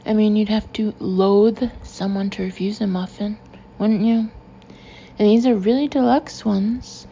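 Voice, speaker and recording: Mellow, gravelly woman reading a novel. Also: medium pitch, muffled recording, a little hiss or hum. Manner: expressive, acting out the narrator's indignation. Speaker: audiobook narrator. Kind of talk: first-person audiobook narration.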